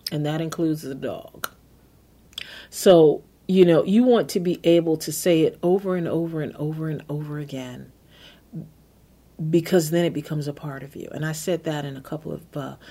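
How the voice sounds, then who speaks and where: A woman's voice: low-pitched, warm tone. A woman hosting a self-help podcast, coaching listeners step by step and repeating key phrases. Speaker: podcast host. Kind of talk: motivational self-help talk.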